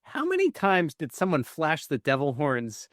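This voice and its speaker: A man co-hosting a podcast, chatting casually with quick bursts and laughs about a movie. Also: a little high, wildly swooping pitch, dry recording, clean studio sound. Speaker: podcast co-host. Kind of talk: casual movie review chat.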